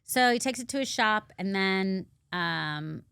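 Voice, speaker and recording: A woman's voice: medium pitch, measured pace, creaky, clean tone, dry recording, clean studio sound. A woman co-hosting a podcast, recapping a drama in casual chat and acting out the characters' lines. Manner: animated storytelling, acting out quotes. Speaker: podcast co-host.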